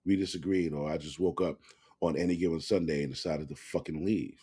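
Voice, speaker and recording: A man's voice: rumbling low, steady tone, brisk, warm tone, breathy edge. A man giving blunt, profane commentary to camera, rambling with restarts.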